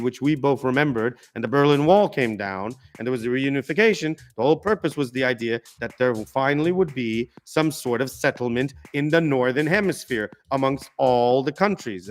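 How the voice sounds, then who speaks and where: A man hosting a live political stream, giving emphatic, ranting commentary full of restarts. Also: mid-range voice.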